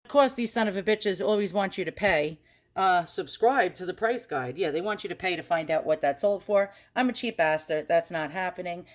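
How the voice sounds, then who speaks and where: A woman with a lowish, animated voice hosts an antiques channel, speaking at a moderate pace as she browses listings on her computer in a casual screen-recorded research commentary. She talks frankly, swears mildly, and stumbles over French words.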